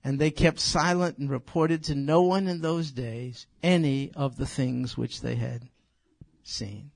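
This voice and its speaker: A man's voice: medium pitch, fairly even intonation, unhurried, vocal fry, no room sound, clean studio sound. An older man leading an informal Bible study, emphatic and conversational, speaking directly to his listeners. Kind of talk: informal Bible teaching to a group.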